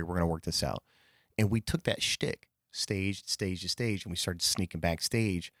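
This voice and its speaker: Deep-voiced man rambling through a story. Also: no echo, studio quality. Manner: rambling, with fillers, profanity and self-corrections. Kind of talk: casual spoken anecdote.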